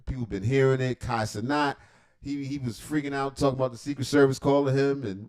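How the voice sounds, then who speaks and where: A man's voice: medium pitch, fairly even intonation, fairly quick, a little mellow. A man hosting a livestream reaction, talking in a rambling, profane, joking way with lots of asides. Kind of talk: casual reaction commentary.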